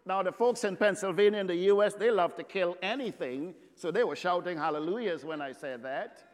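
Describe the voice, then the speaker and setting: Preaching a sermon in a large hall, a high-voiced man from Trinidad and Tobago uses dramatic pauses and stretched-out words. He also jokes with the congregation.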